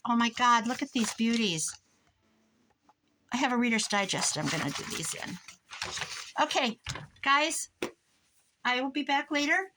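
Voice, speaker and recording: A woman's voice: a little high, lively intonation, measured pace, pauses often. An older woman, a grandmother, chatting casually in her craft room, rambling from one story to the next as she works on pages. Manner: rambling, chatty, jumps between stories. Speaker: crafting vlogger. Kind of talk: casual chat while crafting. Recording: noisy home recording.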